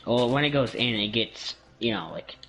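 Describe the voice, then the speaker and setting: A man's voice: medium pitch, normal speed, fairly bright tone, low-quality recording. A man from Canada in a casual gaming chat, joking, teasing and rambling.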